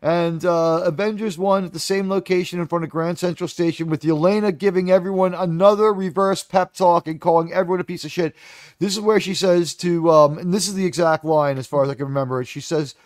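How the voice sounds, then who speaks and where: A man's voice: sits high, fairly even intonation, a little fast, a little mellow, no room sound, studio quality. A man giving a casual, rambling film review, profane and full of fillers. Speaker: movie reviewer.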